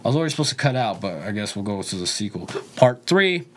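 A young man telling a rambling, profane story, swinging between loud asides and low muttering. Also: expressive, racing, slight background noise. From Southern California. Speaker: interview guest.

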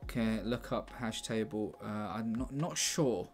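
A man's voice: fairly low pitch, measured pace, faint music behind. A man writing and thinking aloud in a casual way, reading pages aloud with sarcastic, muttered asides. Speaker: writer.

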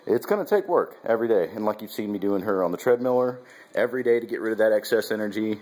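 A man's voice: fairly low pitch, fast, a little mellow. A man casually explaining dog training in a vlog, rambling, with fillers and restarts. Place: at home, then outdoors with a dog.

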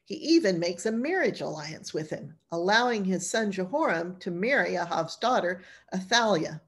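A woman's voice: fairly low pitch, expressive, normal speed, husky. Chatty woman pastor teaching Bible class. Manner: chatty, colloquial storytelling. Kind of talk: informal Bible lesson.

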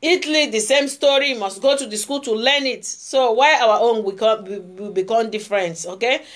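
A woman's voice: on the high side, normal speed. A woman talking earnestly to her channel's viewers, repeating herself and using many fillers. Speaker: YouTube channel host. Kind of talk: casual monologue.

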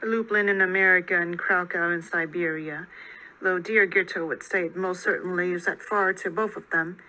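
A woman's voice: lowish voice, steady tone, normal speed, sharp tone, pitched below the performer's own voice, poor audio. A woman voicing a burly, good-humored young male farmer who teases and chuckles as he talks, in an audiobook reading. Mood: teasing. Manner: teasing, chuckling.

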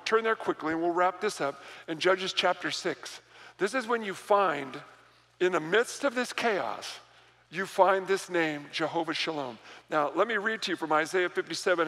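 A man delivers a sermon in a high, bright voice, animated and quick to repeat words as he builds each point. His voice rings out with the long reverb of a church hall. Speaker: pastor. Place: church sanctuary.

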